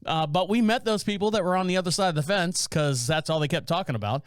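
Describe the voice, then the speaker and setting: A man from North Carolina hosts a solo podcast from a small home studio, talking in a loose, rambling way and acting out the neighbors in his stories. His voice sits high and sounds smooth and clean. The room is dry, with almost no echo. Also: fast talker. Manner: rambling, self-interrupting storyteller who acts out neighbors' lines. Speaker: podcast host. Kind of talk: casual solo podcast monologue.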